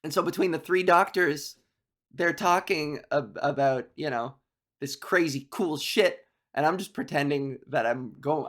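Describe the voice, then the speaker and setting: A man's voice: fairly high pitch, unhurried, fairly bright tone. A young Canadian man, a comedian, rambling through self-mocking stories and laughing at his own jokes. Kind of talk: rambling stand-up storytelling.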